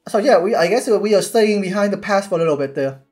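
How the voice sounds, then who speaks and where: A man giving casual commentary while watching a series, excitable and halting with many restarts. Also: high voice, soft background music. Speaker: YouTube reactor.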